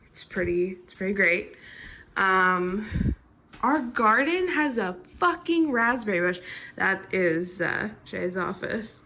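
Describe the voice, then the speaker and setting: A woman with a raspy, slightly smoky voice, speaking slowly and unhurriedly. She gushes with excitement and swears casually while walking through her new apartment. She is filming it all on a handheld phone. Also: mid-range voice, a little hiss or hum. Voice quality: raspy, smoker-like. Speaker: partner showing the new home. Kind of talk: casual home video tour.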